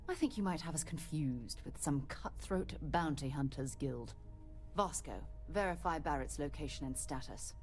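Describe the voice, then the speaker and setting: A composed, businesslike woman who leads an explorer group, voiced by an actress. Her voice sits low and steady. Faint game music runs underneath. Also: moderate pace, close to an everyday voice. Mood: firm.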